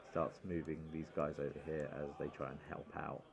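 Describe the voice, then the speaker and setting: A man narrating as game master in a tabletop game, relaxed and hesitant with many fillers. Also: a bass voice, gravelly.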